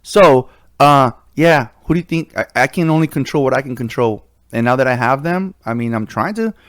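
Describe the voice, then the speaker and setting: A man hosting a podcast in casual chat, relaxed and laid-back, steering the talk. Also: mid-range voice, moderate pace, dry recording, clean studio sound. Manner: relaxed, laid-back, says bro a lot. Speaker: podcast host.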